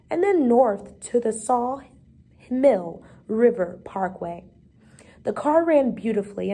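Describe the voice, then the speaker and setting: A woman reads a storybook chapter aloud at a steady, measured pace. Her voice sits a little higher than most. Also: creaky, breathy edge. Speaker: reader.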